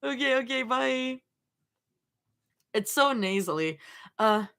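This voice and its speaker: A woman's voice: high voice, animated, slow, fairly bright tone, smooth. A young woman reading fanfiction aloud on a livestream, often breaking into giggles and chatting with viewers. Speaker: fanfiction reader and streamer. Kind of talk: live reading with reactions.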